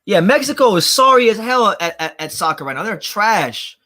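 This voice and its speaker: A man's voice: high-pitched, very animated, normal speed, sharp tone. A man hosting a casual livestream, reading viewer comments, rambling and repeating himself as he talks. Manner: rambling, repeats himself, laughs at his own jokes. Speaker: livestream host.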